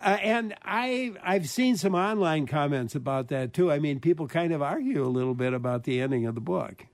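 A male radio host with a fairly high voice leads the book discussion in a chatty way, often stumbling and restarting mid-sentence. The sound is dry and close to the mic. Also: animated, normal speed, no room sound.

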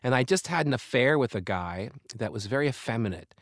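A man in his fifties, a comedian and author, talks candidly and reflectively as an interview guest, now and then breaking into lively bursts of laughter. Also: medium pitch, fairly quick, dry recording, clean studio sound. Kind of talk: conversational interview.

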